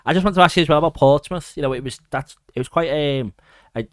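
A man hosting an interview, quick and friendly, asking questions in run-on bursts. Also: a little high, clear, resonant tone. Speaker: interviewer host. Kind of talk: casual interview.

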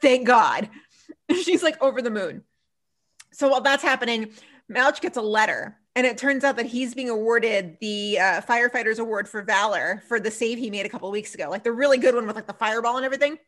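Chatty higher-voiced woman recapping TV. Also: brisk. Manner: animated, laughing, lots of "like" and "so funny". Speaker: podcast co-host. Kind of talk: casual chat recapping TV episodes.

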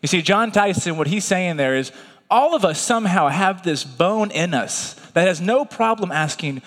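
A man's voice: sits high, animated, normal speed, a bit bright. Young male preacher, casual and self-mocking. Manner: conversational and self-deprecating, with casual fillers. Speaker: guest preacher. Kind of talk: sermon. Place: church sanctuary. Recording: long church reverb.

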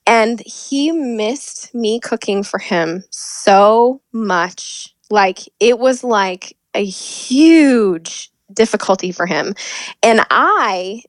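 A woman guest telling a personal story in an interview, animated and often laughing as she talks. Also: medium pitch, drawn-out words, dry recording.

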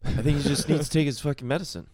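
A man's voice: on the high side, very fast, a crowd in the background. A young man co-hosting a podcast, talking bluntly with swearing and laughs. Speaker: podcast co-host. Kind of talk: casual chat.

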